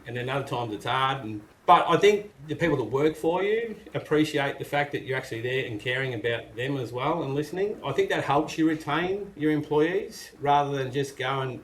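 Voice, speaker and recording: A man's voice: medium pitch, fairly quick, few pauses, fairly bright tone. A middle-aged Australian man, a carpenter and business owner, talking frankly and casually as an interview guest. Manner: blokey, frank, acts out what people say in a gruff voice. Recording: echoey room with faint noise.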